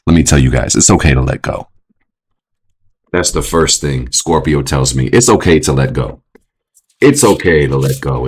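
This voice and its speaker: Young guy with a low husky voice hosting an astrology stream, swears a lot, super animated. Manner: profane, animated, jumps into mocking high-pitched voices. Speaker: astrology show host. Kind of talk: casual astrology livestream talk.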